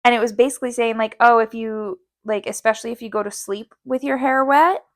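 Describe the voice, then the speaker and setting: A woman's voice: a little high, fairly even intonation, brisk. A young woman co-hosting a casual podcast, teasing and bantering playfully. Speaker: podcast co-host. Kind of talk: casual chat.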